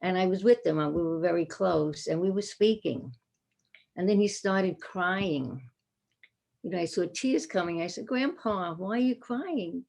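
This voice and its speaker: A woman's voice: lowish voice, moderate pace, gravelly, darkish tone. A woman telling a personal family story in a conversational way, with fillers and restarts.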